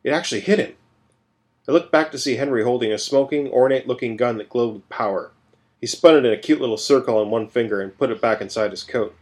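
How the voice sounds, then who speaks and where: Male narrator-host, steady first-person storytelling. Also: mid-range voice, quick pace.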